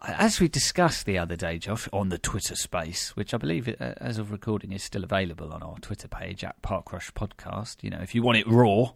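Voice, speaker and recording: Chatty British man, lowish voice. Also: lively intonation, a little fast, creaky, hardly any pauses, husky, dry recording. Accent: British English. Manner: chatty, wry, lots of fillers and restarts. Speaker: podcast host. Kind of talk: casual podcast chat.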